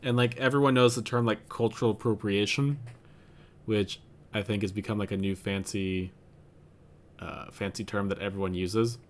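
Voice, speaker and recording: A man's voice: on the low side, steady tone, normal speed. A man co-hosting a podcast, chatting casually and thinking aloud with lots of fillers and restarts. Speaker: podcast co-host. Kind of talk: casual chat.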